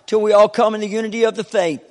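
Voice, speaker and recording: A man preaching a Pentecostal sermon from the pulpit, repeating short call-outs to the congregation and swinging between soft talk and fervent preaching. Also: high voice, little pitch movement, quick pace, big-room sound. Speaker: pastor. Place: church sanctuary.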